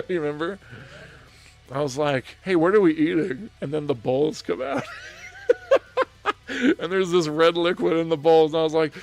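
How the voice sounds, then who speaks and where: A man's voice: fairly high pitch, expressive, measured pace, pauses often, darkish tone. A man hosting a gaming livestream, telling a story in a chatty way with frequent laughter and restarts, with faint music behind him. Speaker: streamer host.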